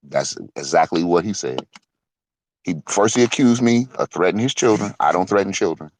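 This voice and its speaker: Heated profane man with lively pitch. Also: moderate pace, slight background noise. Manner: heated, profane, swings from loud to muttering; lively pitch, laughs between points. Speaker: online show host. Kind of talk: casual rant.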